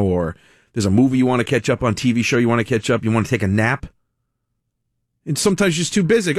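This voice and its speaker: A man's voice: medium pitch, brisk, no echo, studio quality. A man hosting a talk radio show in a casual, chatty monologue, laughing as he talks. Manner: chatty, animated, laughs often. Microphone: studio mic.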